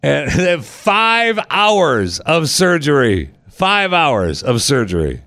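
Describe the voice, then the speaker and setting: A man's voice: fairly high pitch, sing-song, slow, bright, forceful tone, dry recording. Dry-voiced man telling a story. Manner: wry storyteller, acts out quoted people. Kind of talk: casual chat.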